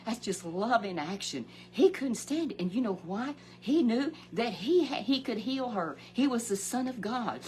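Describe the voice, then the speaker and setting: A woman telling a Bible story for children in a homespun, chatty way, often rising into excited exclamations. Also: normal speed, few pauses, slight background noise. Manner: animated, exclamatory, swoops high on emotional words; chatty, homespun, talks straight to the listener. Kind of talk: folksy Bible story told to a puppet.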